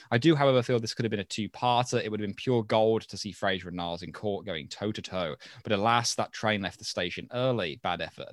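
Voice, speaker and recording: A man's voice: medium pitch, no echo. Dry-humored man reading listener mail. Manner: dry, joking, sarcastic asides. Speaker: podcast co-host.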